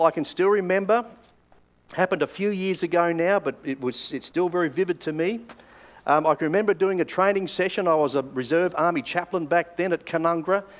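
An older Australian man preaching a sermon, telling stories in a conversational way with hesitant fillers. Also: on the high side. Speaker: pastor.

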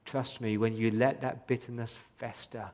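A man's voice: medium pitch, little pitch movement, moderate pace, darkish tone. A man preaching a sermon as a pastor, earnest and pleading, asking many questions of his listeners. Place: church hall. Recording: long hall reverb.

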